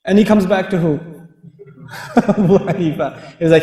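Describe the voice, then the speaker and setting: A man giving a lively Islamic lecture, an animated storyteller who laughs often as he talks. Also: high-pitched, measured pace. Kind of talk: lively sermon with humorous stories. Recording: echoey hall reverb.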